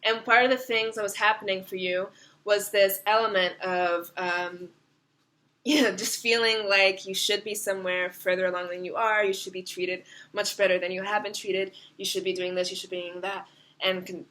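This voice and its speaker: Bright-voiced woman giving a tarot reading. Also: mid-range voice, normal speed. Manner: animated, swears freely, laughs often. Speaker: tarot reader.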